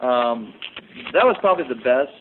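A man co-hosting a casual podcast chat recapping fights, laughing often and slipping into quick mock impressions of the fighters. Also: medium pitch, expressive, slight background noise. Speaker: podcast co-host. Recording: tinny phone-like audio.

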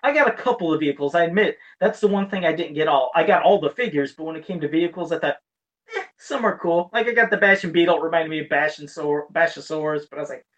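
Fast-talking man, slightly distant from the mic. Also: a little high, muffled recording. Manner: rambling storytelling, quick and animated. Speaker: podcast co-host. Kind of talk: casual chat about toy collecting.

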